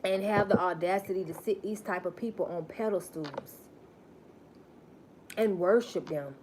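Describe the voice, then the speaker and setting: A woman's voice: lowish voice, measured pace. Woman w/ AAVE preaching on a live stream, repeats herself for emphasis, bit of faint noise behind. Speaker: spiritual reader live-streaming. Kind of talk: live-stream spiritual message.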